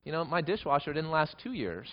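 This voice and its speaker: A man preaching a sermon to his congregation, earnest, repeating key phrases and swelling louder and higher on them. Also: very animated, brisk, highs cut off. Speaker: pastor.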